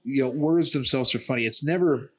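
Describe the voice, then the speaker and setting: A man's voice: mid-range voice, fairly quick, a bit bright. A middle-aged comedian, a man, chats casually on a podcast. He tells his stories in a sarcastic, joke-filled way. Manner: storytelling, sarcastic, jokey. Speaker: comedian guest.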